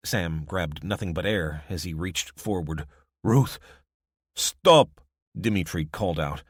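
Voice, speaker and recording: Brief: male narrator, deep, measured scripted audiobook delivery, dry sound. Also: no echo. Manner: steady, measured storytelling.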